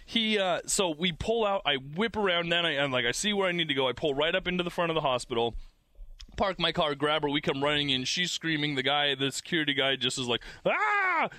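Man, animated storyteller, bright tone, dry close sound. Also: a little high, quick pace, no echo. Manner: animated, acts out quotes. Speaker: guest telling a birth story. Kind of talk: casual storytelling.

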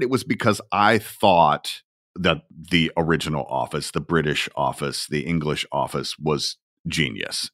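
A man's voice: low voice, fairly bright tone, no room sound, clean studio sound. A middle-aged man hosting a podcast, chatty and self-deprecating as he tells stories. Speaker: podcast host. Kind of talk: conversational podcast talk.

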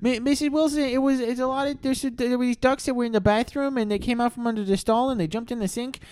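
Man as a schoolboy, high squeaky pitch, stammering, panicky, close dry sound. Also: fairly even intonation, quick pace, darkish tone, clean tone, no echo. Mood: excited. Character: nervous flustered schoolboy. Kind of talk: improvised comic storytelling.

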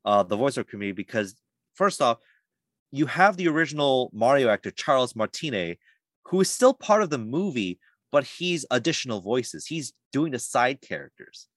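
A man who works as a voice actor, talking in a casual podcast interview, animated and chatty with lots of fillers. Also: mid-range voice, moderate pace, no echo. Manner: animated, lively storytelling with many fillers. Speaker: voice actor guest.

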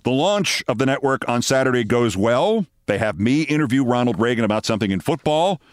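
An older man hosting a show, telling a long anecdote in a wry, brisk storytelling manner. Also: medium pitch, lively intonation, dry recording, clean studio sound. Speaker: host. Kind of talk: storytelling monologue.

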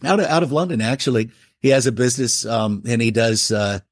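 A man's voice: mid-range voice, lively intonation, a little fast, no echo, studio quality. Rambling man telling a family story. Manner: rambling, self-interrupting, acts out quotes. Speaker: writer, interview guest. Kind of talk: casual anecdotal storytelling.

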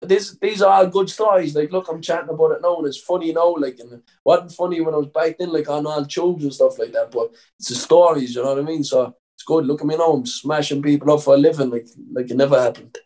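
Chatty Irish man telling rough stories. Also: on the high side, fairly even intonation, quick pace, warm tone, poor audio. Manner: rambling, swears freely, many fillers. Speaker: professional fighter guest. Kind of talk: casual storytelling interview.

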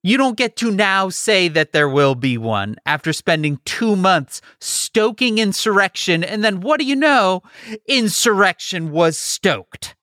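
Animated, sweary man with a bright voice. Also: high-pitched, unhurried, no echo, clean studio sound. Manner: animated, profane, mocking impressions. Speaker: podcast co-host. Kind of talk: casual political chat.

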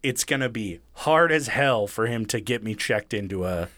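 A man's voice: lowish voice, expressive, normal speed, a bit bright, no room sound. A man retelling a story in casual, profane chat, acting out the lines of the people in it. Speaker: podcast co-host retelling a true story.

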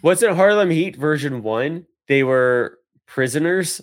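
A man's voice: a little high, animated, takes it slowly, no echo, studio quality. A man co-hosting a casual wrestling podcast, thinking aloud with hesitant restarts. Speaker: podcast co-host.

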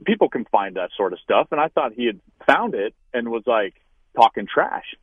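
A man in his thirties, a former college quarterback, telling a story as an interview guest, with lively acted-out quotes. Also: medium pitch, moderate pace, husky, dry recording. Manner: animated storyteller, acts out quoted voices loudly. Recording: tinny phone-like line, dry.

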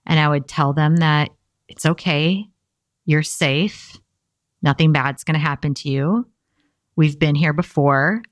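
A woman's voice: low-pitched, dry recording, clean studio sound. A young woman talking earnestly and casually, encouraging listeners in a motivational self-help talk.

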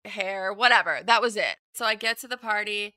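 A woman in her thirties chatting as a guest, telling an animated story full of fillers and acted-out quotes. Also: mid-range voice, brisk, dry recording. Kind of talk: casual chat, storytelling.

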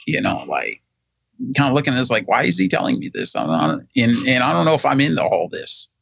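A gravelly-voiced middle-aged man rambles through a personal story, full of fillers and restarts. He slips into the voices of the people he quotes. The sound is close and dry, with no room around it. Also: medium pitch, wildly swooping pitch, a little fast, fairly bright tone, no echo. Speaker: guest telling his story. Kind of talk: casual storytelling.

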